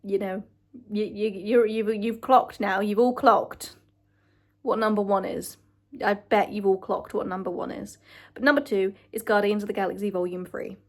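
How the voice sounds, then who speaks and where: Young woman vlogger, casual gushing chat, emotional, swears a lot, mid-pitched voice. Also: fairly even intonation, moderate pace. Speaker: vlogger ranking films.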